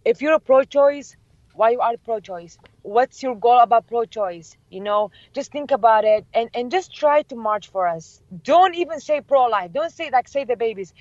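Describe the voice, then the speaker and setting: A young woman and interview guest whose first language is Chaldean, telling excited stories with many laughs and acted-out quotes. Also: a little high, normal speed, no echo. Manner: animated, laughs often, acts out quotes. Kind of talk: excited storytelling. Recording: dull lo-fi, dry.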